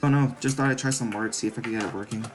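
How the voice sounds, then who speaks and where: A man's voice: mid-range voice, fairly even intonation, racing, faint music behind, lightly acted. A man voicing an anxious, earnest young male hyena who has just finished school, in a game reading. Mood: startled. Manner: nervous, earnest, questioning.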